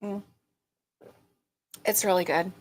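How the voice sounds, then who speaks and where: Slow-talking chatty woman live-streaming. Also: medium pitch, fairly even intonation, a little hiss or hum. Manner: greets viewers by name, chatty, laughs often. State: slightly strained throat. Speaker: livestream host. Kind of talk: casual live-stream chat.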